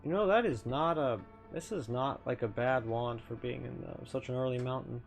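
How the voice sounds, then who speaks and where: A man's voice: medium pitch, normal speed, creaky, faint music behind. A man streamer giving casual gameplay commentary in a chatty, playful way, with lots of self-correcting asides.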